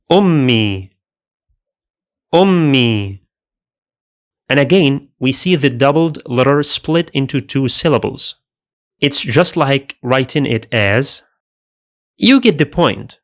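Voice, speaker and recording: A man narrating a language lesson at an unhurried, very slow pace. He speaks with care and repeats every example sound twice. His pitch sits mid-range. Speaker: Arabic teacher.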